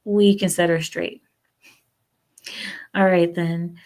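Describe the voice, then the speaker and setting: A woman's voice: lowish voice, little pitch movement, takes it slowly, darkish tone. A woman hosting a livestream, chatting casually and rambling through her opinions while talking back to her viewers. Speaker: livestream host. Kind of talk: casual political chat with viewers.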